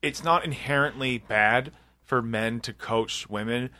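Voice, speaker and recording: A man's voice: medium pitch, measured pace, bright, forceful tone. A young man chatting casually as a podcast co-host, rambling and joking with frequent laughter. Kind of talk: casual chat.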